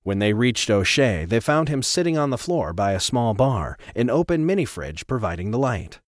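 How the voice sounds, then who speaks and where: A man narrating an audiobook with an expressive, dramatic reading. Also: mid-range voice, normal speed, no echo, studio quality. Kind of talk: scripted narration.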